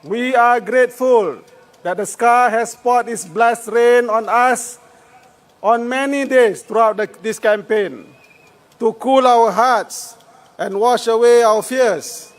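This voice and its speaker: High-voiced Singaporean man rallying a crowd. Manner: rousing, declamatory, slow deliberate phrasing. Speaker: election candidate. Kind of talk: political rally speech. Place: outdoor rally field.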